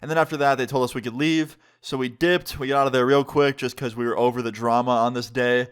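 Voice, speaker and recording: A young man narrating a wild storytime for his vlog viewers. His voice sits at a medium pitch, and he tells the story in a loose, slangy, animated way. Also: fast talker, clear, resonant tone. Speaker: vlogger.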